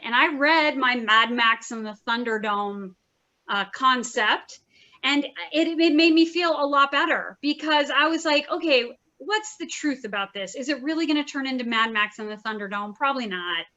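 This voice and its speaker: A woman's voice: high voice, expressive, normal speed, sharp tone. A woman therapist giving an informal workshop lecture, chatty and earnest, often repeating phrases. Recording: slightly dull, muffled recording.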